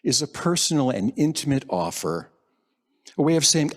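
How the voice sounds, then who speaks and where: A man preaching a sermon at a church service, gentle and reflective, lingering over quoted phrases. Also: mid-range voice, expressive, normal speed. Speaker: minister. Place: church sanctuary.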